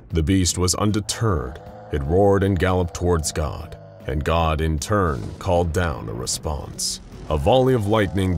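A man narrating a dark story in a measured, dramatic storytelling voice. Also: deep voice.

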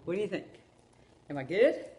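A woman vlogging an unboxing at home, gushing and rambling with excitement. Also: fairly low pitch, moderate pace, a little hiss or hum. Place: room at home. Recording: echoey room with faint ambience.

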